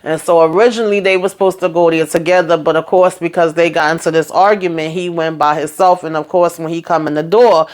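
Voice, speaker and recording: A woman's voice: fairly low pitch, a little fast, few pauses. Chatty woman recapping a TV episode. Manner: chatty, animated retelling with filler words. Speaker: TV show recap vlogger. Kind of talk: casual episode review and recap.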